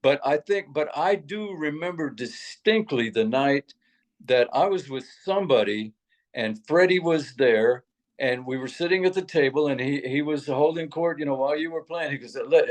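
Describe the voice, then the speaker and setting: A man's voice: a little high, poor audio. A man telling a short story in casual chat.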